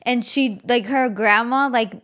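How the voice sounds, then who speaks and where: A woman's voice: fairly high pitch, a little slow, a bit bright. Chatty young woman hosting a podcast. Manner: chatty, gossipy, laughs often, says "like" a lot. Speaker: podcast host. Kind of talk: casual chat.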